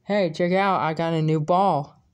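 A man voicing a boy who loves basketball, in a raised, excited voice. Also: a little high, unhurried, smooth, close to an everyday voice.

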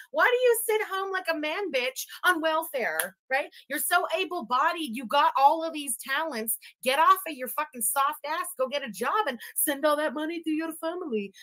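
A woman's voice: sits high, bright, forceful tone. A woman doing profane, mocking reaction commentary, ranting at the clips she plays. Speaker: commentary streamer.

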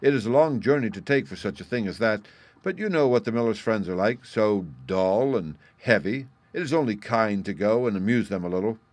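A man's voice: fairly low pitch, lively intonation, a little fast, no room sound, natural voice. A man voicing a sly, vain fox in a storybook reading, smug and superior.

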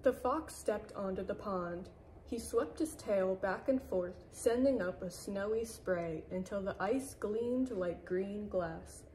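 A woman reading a children's picture book aloud at an unhurried pace, the way a librarian does at storytime. Her voice is mellow and warm-toned, gentle and even in its telling. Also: medium pitch, a little hiss or hum, poor audio.

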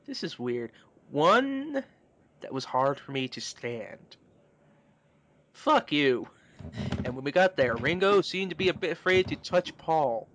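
A man's voice: a little high, sing-song, fairly bright tone, slight background noise. A man co-hosting a comedy podcast, reading fan fiction aloud and breaking in with crude, mocking asides. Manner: mocking, crude, quick asides between read passages. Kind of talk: casual comedic group reading.

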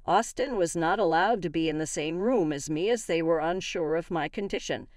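A woman's voice: on the low side, normal speed, darkish tone, dry recording, studio quality. A young woman narrating her own story in the first person with earnest, dramatic storytelling.

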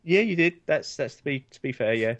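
A man's voice: mid-range voice, expressive, brisk, a bit bright. Easygoing man co-hosting a podcast. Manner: chatty, self-deprecating, easygoing. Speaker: podcast co-host. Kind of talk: casual chat.

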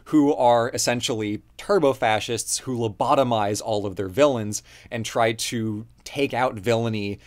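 A man's voice: medium pitch, a little slow, few pauses. A man co-hosting a casual discussion, talking in a rambling way with many fillers and restarts. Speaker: co-host.

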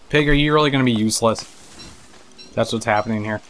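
A man's voice: medium pitch, fairly quick, fairly bright tone, a little hiss or hum. A man giving casual let's-play commentary, chatting to the characters on screen, laughing and swearing as he plays. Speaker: gameplay commentator.

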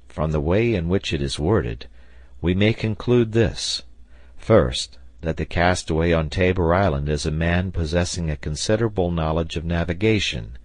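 A man reading a calm, deep-voiced engineer captain. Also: dry recording. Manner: measured, deliberate, reasoning. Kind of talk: audiobook character voice.

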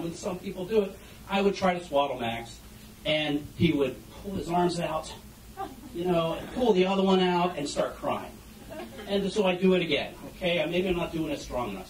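A man's voice: high voice, animated, normal speed, a little hiss or hum. A man giving a humorous talk on stage about being a parent, telling stories with animation and asking the audience questions. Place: event hall before an audience. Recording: echoey room heard from a distance.

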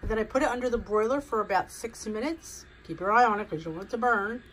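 A woman's voice: on the high side, fast, fairly bright tone, slight background noise, rough recording. A woman hosting a home cooking video, talking viewers through a recipe in a chatty, rambling way. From United States. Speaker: cooking vlog host. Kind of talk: casual cooking demonstration.

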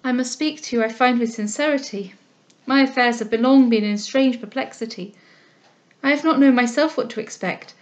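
A woman reading a novel aloud, voicing a kind, composed young heiress who speaks in a gentle, measured way. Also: on the high side, natural voice. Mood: gentle, earnest.

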